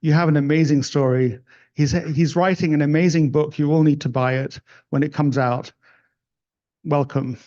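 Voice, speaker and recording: On stage at an investor conference, a male event host gives casual thank-you remarks, effusive and heaping on praise in a conference room. His fairly high voice is mellow, with fairly even intonation at normal speed, captured in dull lo-fi audio.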